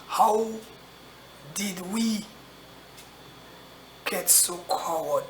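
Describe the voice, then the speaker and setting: A man giving a grave, impassioned address to the camera, slowly repeating rhetorical questions. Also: high voice, a bit bright, a little hiss or hum. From Caribbean. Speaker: actor addressing his audience. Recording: roomy echo, faint ambience.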